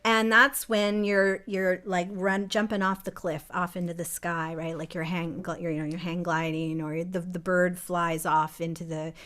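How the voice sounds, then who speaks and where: A woman with a lowish, slightly bright voice speaks at normal speed with a flat delivery and hardly any pauses. A composer and co-artistic director, she reflects on how she wrote a song during a casual live-streamed conversation about songwriting.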